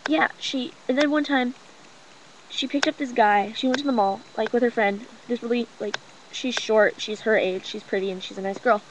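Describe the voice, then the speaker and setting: A woman's voice: a little high, normal speed. A young woman rambling through a casual gossip vlog at home, mocking and profane, with many fillers. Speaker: vlogger. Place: room at home with a cousin talking nearby. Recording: noisy home webcam recording.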